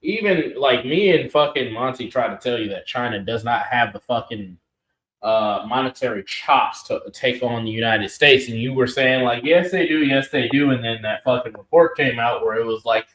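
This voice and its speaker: A man's voice: medium pitch, moderate pace, a bit bright. A man co-hosting a heated political reaction chat, swearing freely and arguing over the others. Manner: profane, argumentative, interrupts. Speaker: co-host. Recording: roomy echo.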